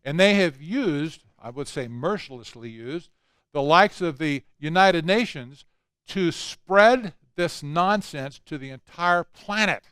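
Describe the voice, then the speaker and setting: A man's voice: fairly high pitch, animated, slow pace, fairly bright tone, clear, resonant tone, no echo, clean studio sound. An older man speaking at a conference, emphatic and conversational, with asides. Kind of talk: lecture talk.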